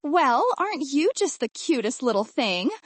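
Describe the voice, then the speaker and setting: A woman's voice: high voice, big pitch swings, moderate pace, no room sound, pitched above the performer's own voice. A woman doing a brash Southern belle. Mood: syrupy.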